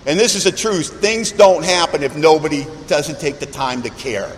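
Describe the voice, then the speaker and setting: Speaking at normal speed in a fairly high voice, a man alternates between humorous anecdotes and heartfelt reflection at a recovery meeting. The sound carries a long hall reverb over faint background noise.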